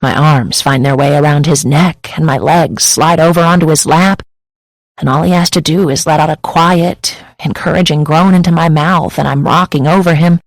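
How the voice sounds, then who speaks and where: A woman's voice: deep voice, fairly even intonation, moderate pace, no room sound, poor audio. A woman reading a first-person romance audiobook in an intimate, emotive way on a close studio mic. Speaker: audiobook narrator.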